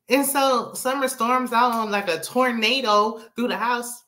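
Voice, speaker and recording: A woman's voice: on the high side, measured pace, hardly any pauses, fairly bright tone. A woman giving a casual, sassy recap of a reality show, chatty with frequent asides. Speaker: TV recap host.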